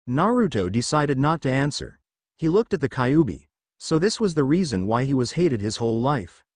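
A man narrating a fan fiction story in an animated reading voice. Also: medium pitch, moderate pace, no room sound. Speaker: fanfiction reader.

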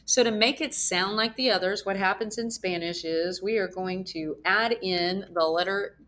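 A woman's voice: mid-range voice, normal speed, fairly bright tone, slight background noise. A young woman teaching a recorded lesson, explaining step by step and spelling out letters as she writes. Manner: mutters asides while writing. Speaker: Spanish teacher. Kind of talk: recorded lesson with screen writing.

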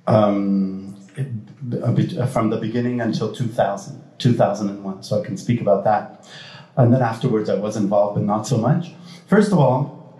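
A man with a fairly low voice speaks on a panel in a dry, understated way. The room around him is echoey. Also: warm tone. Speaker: panelist, former group president. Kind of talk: panel discussion. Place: cultural institute event hall.

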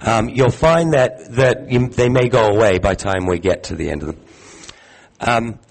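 A man giving a live sermon to a congregation, talking conversationally, putting questions to the room and filling pauses with ums. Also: medium pitch, gravelly, rough recording. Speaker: teacher at a congregation gathering. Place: gathering hall with audience.

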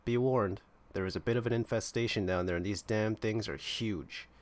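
A man's voice: lowish voice, close to an everyday voice. Man reading as an upset innkeeper. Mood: urgent. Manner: reads quest text aloud quickly. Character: upset male innkeeper who lost his flask.

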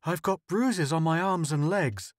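A man's voice: fairly high pitch, measured pace, dry recording, studio quality, lightly acted. A man voicing Beth, a composed woman crew member with a light, wry way of talking, in an audiobook story. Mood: earnest. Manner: light, then serious.

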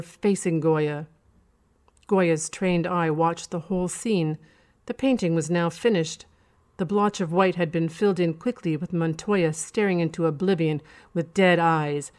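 A woman with a fairly low voice reads a dark period horror tale aloud. Her narration is steady and measured, in the manner of a radio story reading.

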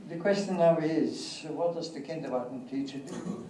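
An older man giving an academic lecture, speaking deliberately and repeating key phrases. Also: fairly high pitch, warm tone. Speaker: guest lecturer. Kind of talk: academic lecture answering questions. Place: lecture hall. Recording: echoey hall, distant mic, faint hiss.

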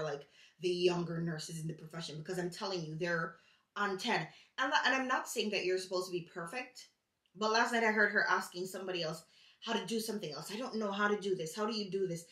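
A woman in her twenties from Jamaica, telling a story in a casual vlog, animated and exasperated, acting out what others said. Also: on the low side. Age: 20s. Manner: animated, exasperated, quotes others in changed voices. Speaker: vlogger. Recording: roomy echo, voice from a distance.

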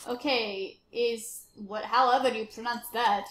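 High-voiced woman playing a game in an echoey room. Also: measured pace, background noise. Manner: animated, bossy mock-stern bursts in a put-on accent. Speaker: let's play gamer. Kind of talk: casual game commentary.

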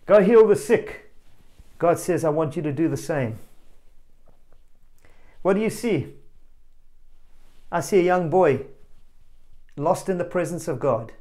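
Man preaching to families, high voice, animated storytelling, loud exclamations, speaks to kids and parents. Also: slow pace, long pauses. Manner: speaks directly to children and parents. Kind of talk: family sermon.

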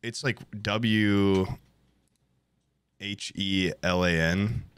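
A man's voice: fairly low pitch, fairly even intonation, drawn-out words, a bit bright, clear, resonant tone, dry recording. A man co-hosting a podcast, rambling in casual, profane chat about art he loves. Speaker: podcast co-host.

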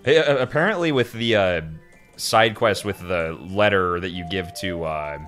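A man's voice: moderate pace, fairly bright tone, soft background music. A man co-hosting a gaming video, reading a guide aloud in casual banter and swearing when annoyed. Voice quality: deep voice, reads steadily, swears when annoyed. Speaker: co-host of a gaming let's play.

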